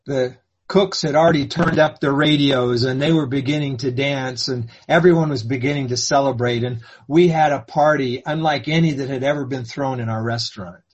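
A man preaching in first-person storytelling, swinging between hushed and fervent delivery. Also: mid-range voice, normal speed, few pauses, husky.

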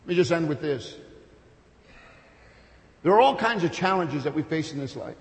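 A man preaching a sermon with passion, building to loud peaks and then dropping to soft, intimate storytelling. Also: a little high, lively intonation, moderate pace. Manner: impassioned, builds to shouts, then drops soft. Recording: long hall reverb.

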